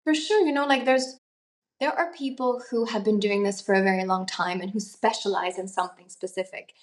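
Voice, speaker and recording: A young adult actress from Italy, talking in a casual, chatty interview with lots of fillers. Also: female voice, medium pitch, steady tone, fairly quick. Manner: chatty, many fillers and laughs. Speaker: actress, guest.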